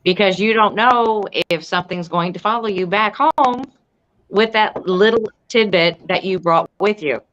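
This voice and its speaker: A woman's voice: mid-range voice, a little slow, fairly bright tone, lo-fi sound. A woman paranormal investigator talking emphatically and insistently on a casual podcast.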